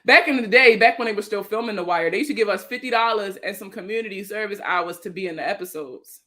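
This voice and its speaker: A young woman with a Baltimore accent chats through a livestream about money, slangy and relaxed. Her voice sits mid-range but comes across bright and forward. She speaks straight to her viewers, calling them out by name. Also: mid-range voice, fast talker. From Baltimore, USA. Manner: loose, slangy and chatty, reads out viewer names. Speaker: financial educator hosting a livestream. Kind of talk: casual livestream chat answering viewer comments.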